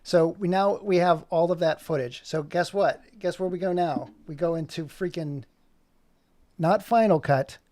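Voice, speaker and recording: Speaking at a moderate pace, a man with a slightly high voice and a dark tone rambles casually on a livestream. He talks to himself as he works on an animation, and there's no room sound.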